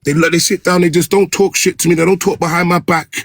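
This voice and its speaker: Husky slangy man. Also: high voice, steady tone, dry recording, studio quality. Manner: rapid slangy talk, frequent restarts and swearing. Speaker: dog trainer and content creator. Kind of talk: casual live-stream chat.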